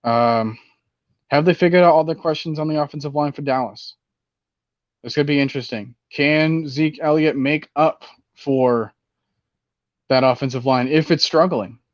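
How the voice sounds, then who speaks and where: A man hosting a casual fantasy football show, rambling and animated, with many fillers. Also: fairly high pitch, normal speed, no room sound, muffled recording. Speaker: fantasy football podcast host. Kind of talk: casual sports talk.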